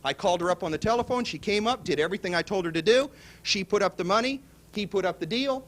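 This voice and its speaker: A man giving a motivational real estate seminar pitch to a live audience, telling stories and acting out both sides of the dialogue. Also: fast. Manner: animated storytelling, acts out both sides of dialogue. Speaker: seminar speaker.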